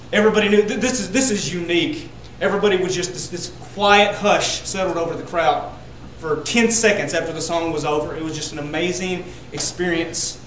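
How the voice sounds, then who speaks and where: A man's voice: on the high side, slight background noise. Emphatic preacher man in an echoey room. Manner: building to loud emphatic peaks on repeated words. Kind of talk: sermon. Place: church sanctuary.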